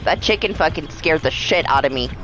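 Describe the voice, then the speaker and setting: A woman's voice: low-pitched, lively intonation, brisk, a bit bright, soft background music, low-quality recording. A young adult woman streaming live, telling rambling stories in casual chat, swearing often and laughing.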